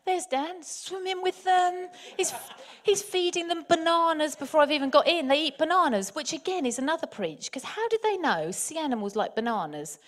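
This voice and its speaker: A woman from England telling a personal story in a chatty, animated way, often turning to address her listeners directly. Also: high-pitched, a little fast. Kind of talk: anecdotal storytelling.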